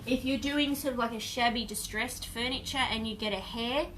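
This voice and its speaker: A woman's voice: a little high, steady tone, moderate pace, a bit bright, a little hiss or hum. Chatty Australian woman teaching painting live. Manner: chatty, talks to viewers while working. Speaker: craft teacher. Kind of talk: live-streamed painting demonstration.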